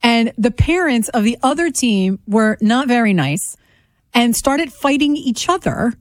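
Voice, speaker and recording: A woman co-hosting a radio show, bantering and telling stories in a quick, teasing way. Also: on the high side, dry recording. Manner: quick, teasing, animated storytelling. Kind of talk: casual talk radio banter.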